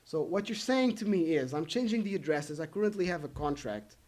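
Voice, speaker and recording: A man's voice: on the high side, brisk. A man telling a rant story to his viewers, acting out the people he quotes. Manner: animated, acts out the people he quotes. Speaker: vlogger.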